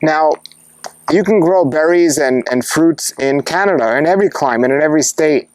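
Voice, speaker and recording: A man's voice: a little high, moderate pace, a little mellow, no room sound. A man who hosts a fruit-growing channel interviews a farmer and signs off with enthusiastic, upbeat presenting. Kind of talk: interview and sign-off.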